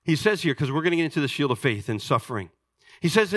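A male pastor delivers a sermon in a high, bright voice. He explains patiently, rising to loud emphasis and dropping to quiet, low asides. The sound is dry and close. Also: sing-song, fast, no room sound.

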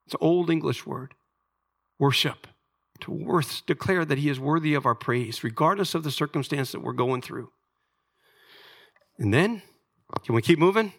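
An American man, a pastor, preaching a sermon in a church sanctuary, emphatic and building to near-shouts at his peaks. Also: a little high, animated, normal speed, gravelly. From United States.

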